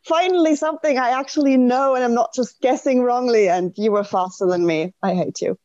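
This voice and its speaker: A woman's voice: on the high side, a little fast, warm tone, highs cut off. A woman in her forties from Germany, chatting as a quiz contestant in a self-deprecating way. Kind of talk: casual quiz banter.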